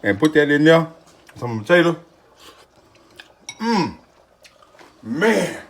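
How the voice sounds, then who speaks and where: A man hosting a home cooking video, talking folksy and excitable, with catchphrases aimed at his viewers. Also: on the high side, slow. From Texas. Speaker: home cooking channel host. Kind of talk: casual cooking video talk. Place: home kitchen.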